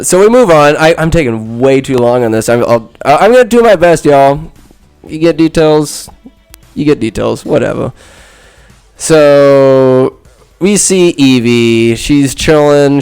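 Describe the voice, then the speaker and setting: Brief: male podcast host, mid pitch, casual comic recap, rambling and crude, faint music bed. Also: darkish tone, clean tone. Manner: rambling, casual, with crude asides and quick quoted character voices. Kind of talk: comedic movie recap.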